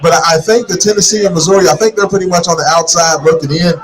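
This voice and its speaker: A middle-aged man hosting a casual sports talk show in a bar, animated and opinionated, repeating words when fired up. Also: high voice, fast. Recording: live in a noisy bar crowd. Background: bar crowd chatter.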